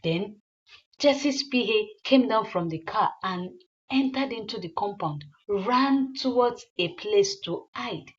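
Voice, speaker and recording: Brief: woman, casual film recap narration, mid pitch, muffled recording. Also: animated, slow pace. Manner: rambling, with fillers and repeats. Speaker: movie recapper. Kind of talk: casual plot retelling.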